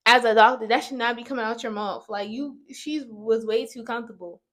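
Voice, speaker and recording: A young woman vlogger telling an exasperated, animated story to her viewers while doing her makeup. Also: on the high side, brisk. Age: young adult.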